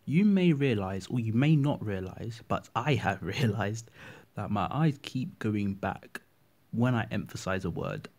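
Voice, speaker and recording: A man's voice: fairly low pitch, animated, a little slow. An eighteen-year-old man chatting casually to camera, rambling and full of fillers. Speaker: vlogger. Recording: music playing loudly behind.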